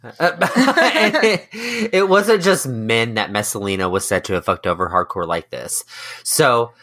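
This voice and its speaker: A man's voice: medium pitch, unhurried. A man co-hosting a history podcast, joking playfully through casual chat. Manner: playful, jokey, lively delivery. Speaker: podcast co-host.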